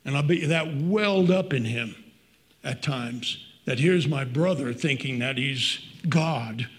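A man's voice: mid-range voice, measured pace. A middle-aged man preaching a sermon as pastor, earnest and conversational, reading scripture aloud between personal asides.

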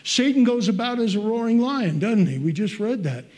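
A man's voice: high voice, very animated, normal speed, a little mellow. An older man preaching a sermon in an earnest, conversational way with folksy asides.

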